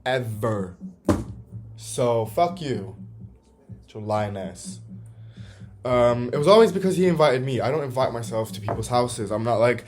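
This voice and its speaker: Male vlogger, heated storytime rant, profane and exasperated, mid-pitched voice, faint music underneath. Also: animated, a little slow, long pauses, darkish tone. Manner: swearing, exasperated, quotes texts in mocking voices.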